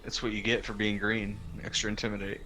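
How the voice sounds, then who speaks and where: A man with a lowish but bright, edged voice, trading dry wisecracks with friends during a game session. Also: flat delivery, fairly quick. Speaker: game player. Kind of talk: casual chat while gaming.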